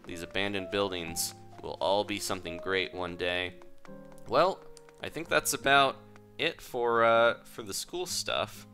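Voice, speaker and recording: A man giving casual, playful commentary over a life-sim game, with soft game music behind. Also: deep voice, unhurried. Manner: playful, reads game dialogue aloud. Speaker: gaming video host.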